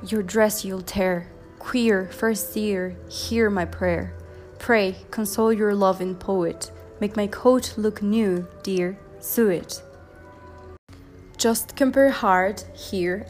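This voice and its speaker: Woman reciting a pronunciation poem word by word, steady mid pitch, slow.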